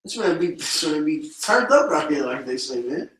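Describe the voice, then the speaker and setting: A man's voice: fairly high pitch, sing-song, fairly quick, a bit bright, slight background noise. A man preaching scripture, tagging his lines with "man" in a casual style. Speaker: street preacher. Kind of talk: street preaching. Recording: echoey and distant from the mic.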